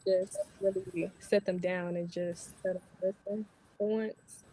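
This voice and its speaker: A woman's voice: lowish voice, steady tone, measured pace, dark tone, breathy edge, low-quality recording. A teenage girl in a casual discussion, speaking hesitantly with many fillers. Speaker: teen panelist.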